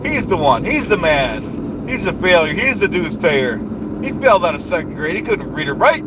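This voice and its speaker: A man with a high voice and big pitch swings, talking at normal speed, does a comedic in-character rant as a livestreamer. He's bombastic, boastful and repetitive, recorded inside a noisy car.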